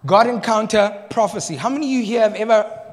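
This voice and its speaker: A pastor from South Africa delivers his sermon in a fairly high voice that rings through a large hall with a long reverb. He tells lively anecdotes, laughs at his own jokes and puts questions to the congregation. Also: quick pace. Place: church hall.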